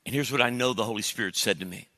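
A male pastor preaching a sermon in a church, animated, joking with the crowd and acting out his own prayers. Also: medium pitch, very fast. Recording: long hall reverb.

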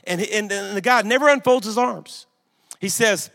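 Preacher guy, middle-aged, bright punchy voice, big echoey church hall, loud then quiet storytelling. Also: high-pitched, normal speed, gravelly. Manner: emphatic storytelling, swings between loud and hushed. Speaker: pastor. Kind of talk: sermon. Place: church sanctuary. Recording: long hall reverb in a church.

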